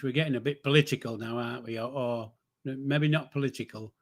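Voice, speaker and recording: An older man hosts a live stream, chatting loosely to his viewers. He rambles and jokes, breaking up his sentences with fillers and restarts. His voice sits at an ordinary pitch for a man. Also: fairly even intonation, brisk. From northern England. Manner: chatty, rambling, jokey, with frequent fillers and self-corrections. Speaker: livestream host reading chat. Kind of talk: casual live-stream chat.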